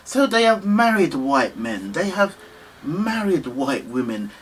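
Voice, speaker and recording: Man in his fifties, British accent, fairly high voice, earnest and halting, faint background hum. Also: big pitch swings, rough recording. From United Kingdom, Nigerian family. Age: 50s. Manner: earnest and halting, with many restarts and pleas. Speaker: vlogger. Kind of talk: impassioned monologue to camera.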